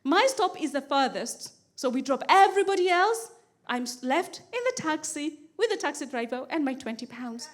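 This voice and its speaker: A woman comedian performing stand-up on stage, telling a long story with animated delivery and comic repetition. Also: high voice, moderate pace. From Kenya. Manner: animated, repeats phrases for comic build, acts out pleading quotes.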